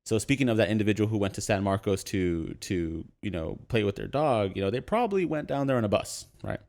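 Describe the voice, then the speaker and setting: A man's voice: fairly low pitch, a little fast. Laughing young man telling a story. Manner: animated anecdote with frequent laughs and fillers. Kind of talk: casual podcast storytelling.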